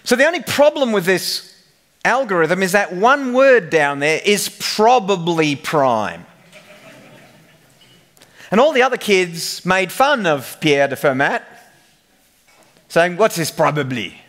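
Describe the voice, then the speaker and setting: A man's voice: sits high, very animated, takes it slowly, long pauses, a bit bright. A man giving a humorous technical conference presentation, telling the story like a joking storyteller. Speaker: conference speaker.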